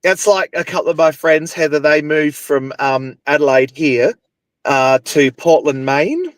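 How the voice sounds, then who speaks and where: A man's voice: fairly high pitch, measured pace, dry recording. An Australian man chatting as a guest, laid-back and agreeable, often affirming what is said. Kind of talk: casual chat.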